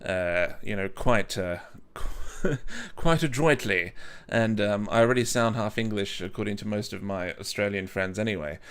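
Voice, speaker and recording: A man's voice: fairly low pitch, normal speed, fairly bright tone, clear, resonant tone. A man hosting a casual whisky review, rambling and joking at his own expense, with many restarts and stumbles. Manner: rambling, jokey and self-mocking.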